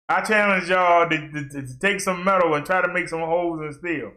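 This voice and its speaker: In an echoey room, a man vlogs about fitness while working, speaking casually to viewers and laughing frequently. His voice is a little high, with a pushed, bright quality.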